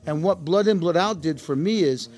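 Man guest, storyteller, slightly high voice, faint music underneath. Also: normal speed. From United States. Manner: relaxed storytelling, mixes English and Spanish words. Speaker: actor guest. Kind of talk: casual interview talk.

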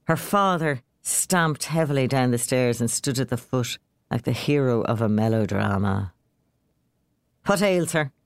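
A woman reading a short story aloud in a measured, expressive narration. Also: very deep voice, dry recording.

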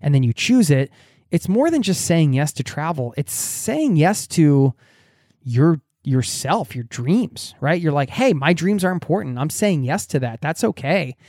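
A man's voice: on the high side, very animated, moderate pace, dry recording, clean studio sound. A man hosting a podcast, reading out and answering listener mail in an earnest, chatty way, often restarting his words. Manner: earnest, warm-hearted, many restarts and repeated words. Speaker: podcast host.

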